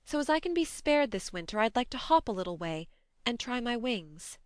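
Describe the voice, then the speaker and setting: Brief: spirited, impulsive young woman read by a woman, smooth and close, audiobook. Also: a little high, no room sound, pitched above the performer's own voice. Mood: earnest. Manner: brisk, lively, impulsive. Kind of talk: audiobook narration.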